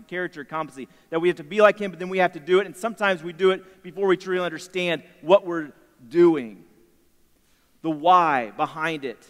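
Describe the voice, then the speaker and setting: A man in his thirties giving a storytelling sermon in a chapel, animated and acting out the voices of himself and his son. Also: fairly high pitch. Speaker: chapel speaker. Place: university chapel. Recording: long hall reverb.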